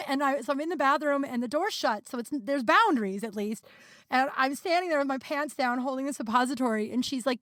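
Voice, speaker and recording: Chatty high-voiced woman, dry sound. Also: quick pace, dry recording. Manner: chatty, rambling, swears, lots of fillers. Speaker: podcast host. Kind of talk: casual storytelling monologue.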